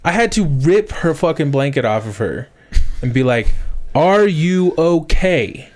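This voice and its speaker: A man, a podcast co-host in his thirties, telling a story in casual chat, swearing a lot and getting loud as it builds. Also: mid-range voice, normal speed, faint music behind. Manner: animated storyteller, swears often, rising to shouts.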